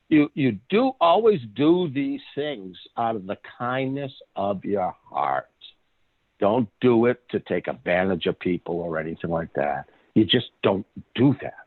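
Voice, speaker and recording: A man's voice: medium pitch, lively intonation, measured pace, narrow, tinny audio. A man in casual chat who tells stories with a lot of energy, laughs often and acts out voices as he goes. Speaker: co-host.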